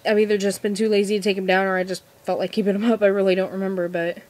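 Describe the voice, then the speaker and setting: A seventeen-year-old girl chats through viewer questions in a casual vlog. She sounds nervous and giggly, rambling and restarting her sentences often. Her voice sits at an ordinary middle pitch for a young woman. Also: flat delivery, very fast, darkish tone. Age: teens. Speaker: vlogger.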